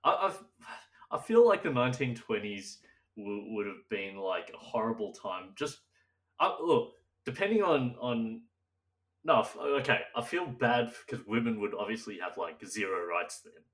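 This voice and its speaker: Low-voiced man, slightly off-mic. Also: lively intonation, moderate pace, a bit bright, recorded from a distance. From Australia. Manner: rambling, laughs often, slips into silly old-timey voices. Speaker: podcast co-host. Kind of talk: casual chat.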